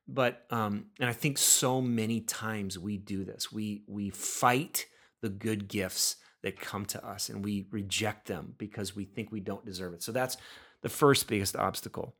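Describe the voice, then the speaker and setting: An earnest male preacher with a slightly low voice delivers a sermon. He often repeats words and restarts his sentences as he works toward each point. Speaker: pastor.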